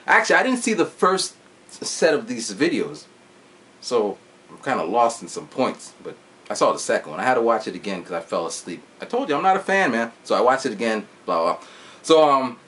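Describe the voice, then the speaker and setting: Lively, chatty man in his forties. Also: mid-range voice, fairly quick, slight background noise. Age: 40s. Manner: animated retelling with sound effects and swearing. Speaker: vlogger reviewing a movie. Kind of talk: casual chat.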